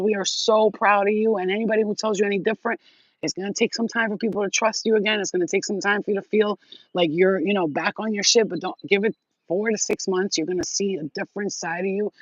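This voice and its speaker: Hosting a spiritual livestream, a woman with a mid-range voice chats with her viewers in a warm, rambling, casual way, full of fillers and offhand swearing. There's no room sound, and the audio is dull, dry and lo-fi.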